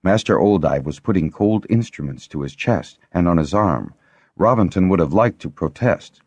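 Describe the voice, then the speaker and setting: Deep, husky male audiobook narrator. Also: animated, moderate pace, darkish tone, no echo, highs cut off. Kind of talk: scripted narration.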